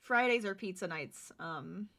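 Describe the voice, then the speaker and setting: A woman streamer chatting with her viewers while she crochets, bubbly and quick to giggle. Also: mid-range voice, expressive, gravelly, fairly bright tone.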